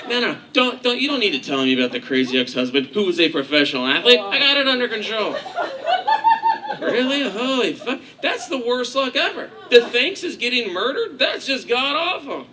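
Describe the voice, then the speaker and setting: A man's voice: sits high, expressive, moderate pace, a loud crowd. A man from Kansas doing a stand-up comedy set on a club stage, rambling, profane and playfully sarcastic. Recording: noisy live club recording.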